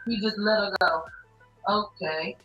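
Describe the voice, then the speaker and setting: A woman's voice: mid-range voice, unhurried, fairly bright tone, lo-fi sound. A woman hosting a casual news commentary, recapping courtroom testimony with blunt, profane, sarcastic asides. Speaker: commentary show host. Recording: echoey room, distant mic, faint music.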